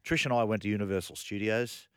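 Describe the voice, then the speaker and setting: A middle-aged man hosting a radio show, telling animated stories in casual chat. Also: on the low side, fast talker, clean tone, dry recording, clean studio sound. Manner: animated storyteller, laughs through his anecdotes. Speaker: radio host.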